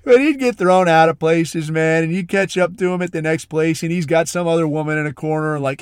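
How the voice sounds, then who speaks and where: A man's voice: on the high side, brisk, few pauses, smooth, no echo, clean studio sound. A man hosting a podcast, telling a long rambling story in blunt, profane, casual talk full of fillers. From military special operations community. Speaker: podcast host.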